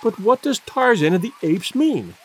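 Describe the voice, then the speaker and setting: A man voicing a spirited young woman in a storybook reading, pitching his voice higher. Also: very animated, normal speed, a faint crowd, slight background noise. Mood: eager.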